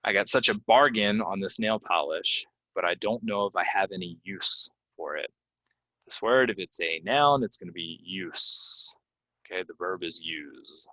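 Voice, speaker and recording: A man teaching English pronunciation, reading example sentences and then repeating key words slowly with clear stress. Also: low voice, bright, forceful tone, no room sound. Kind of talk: pronunciation lesson. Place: Orlando, Florida.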